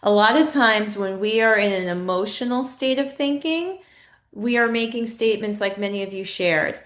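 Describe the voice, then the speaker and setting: A woman of middle pitch gives a live online training in a chatty, questioning way. She often turns to her audience and answers their chat replies. Her voice carries a clear echo from the room around her. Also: normal speed. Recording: echoey room.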